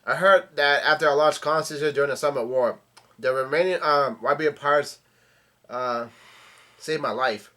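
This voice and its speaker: A man reading the lines of an excitable young pirate captain from a comic, in a loud, excited way close to his own voice. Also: a little high, normal speed.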